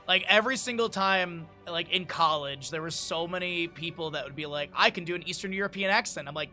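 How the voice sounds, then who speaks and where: Man, young adult, esports stream caster, casual rambling chat, sleepy, bright voice, slightly high pitch. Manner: chatty and rambling, with many fillers. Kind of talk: casual live-stream commentary.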